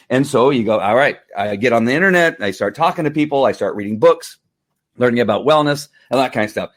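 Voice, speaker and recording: A middle-aged man talking casually to camera in a testimonial vlog, animated and full of restarts and fillers. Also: mid-range voice, fast. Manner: animated, acts out angry outbursts, many fillers and restarts. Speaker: vlogger selling wellness products.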